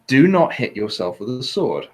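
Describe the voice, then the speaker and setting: A man's voice: mid-range voice, sing-song, moderate pace, darkish tone. A man hosting a casual chat, rambling with hesitant fillers and laughing often. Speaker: podcast host.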